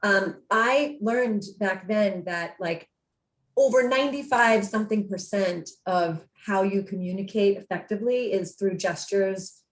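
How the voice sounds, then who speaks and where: A woman's voice: on the low side, roomy sound. A woman co-host talking casually, rambling with many fillers and restarts. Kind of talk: casual podcast chat.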